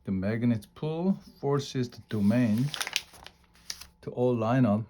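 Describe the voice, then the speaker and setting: A man's voice: medium pitch, slow, noisy background, lightly acted. A man voicing an enthusiastic female science teacher who explains in a classroom lecturing voice, in a read-aloud storybook.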